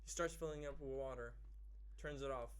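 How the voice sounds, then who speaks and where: A man's voice: mid-range voice, brisk, clean tone. A man hosting a podcast, telling a story in casual chat, swearing and acting out the people in it. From Persian family. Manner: animated, swearing, acts out quotes. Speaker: podcast host.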